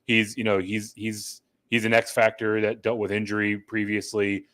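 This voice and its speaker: A man with a low voice talks through sports analysis as a co-host, rambling and packing in "you know" and "right?". His voice sounds close and dry, with no room around it. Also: monotone, normal speed, a bit bright, no room sound. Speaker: podcast co-host.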